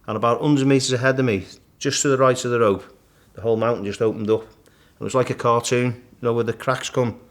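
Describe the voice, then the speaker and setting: A middle-aged man, a guest in a casual interview, vividly retelling his climb and acting out the shouts and thoughts along the way. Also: medium pitch, fairly quick, hardly any pauses. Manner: animated storyteller, acts out his own shouts and thoughts. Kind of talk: storytelling in casual conversation.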